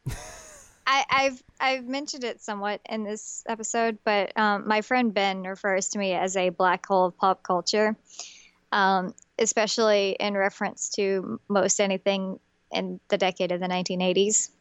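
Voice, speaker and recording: Chatty young woman with a smooth voice. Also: mid-range voice, level tone, moderate pace, no echo, lo-fi sound. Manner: chatty, self-deprecating, many fillers and restarts. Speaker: podcast co-host. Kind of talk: casual chat.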